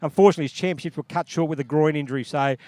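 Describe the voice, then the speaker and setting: A man calls a local football game at full speed, reeling off names and plays one after another. His voice is smooth and clear, slightly high, and recorded dry and close with no room sound. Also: darkish tone, no echo. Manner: rapid running play-by-play with casual asides. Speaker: play-by-play commentator. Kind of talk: live sports commentary.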